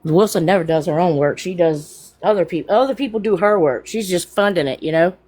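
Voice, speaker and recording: A woman speaking on a phone-based live stream call, her voice sitting a little low. She is blunt and indignant, swearing freely as she airs her complaints. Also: brisk, darkish tone. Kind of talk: heated casual chat.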